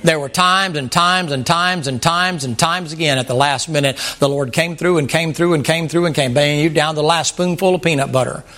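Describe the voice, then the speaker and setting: A man's voice: on the high side, brisk, hardly any pauses, bright, forceful tone. An older man, a pastor giving a folksy, humorous sermon. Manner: folksy, humorous, plainspoken preaching.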